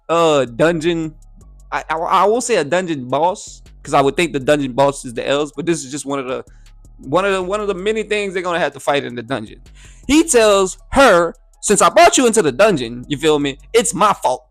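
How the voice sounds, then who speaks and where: A man talks through an anime episode in a loose, slang-heavy reaction style and keeps checking in with his listeners. His voice sits a little high and swings widely in pitch. Soft music plays faintly underneath. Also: a little fast. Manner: slangy, animated, repeats "you feel me". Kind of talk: casual anime reaction and review.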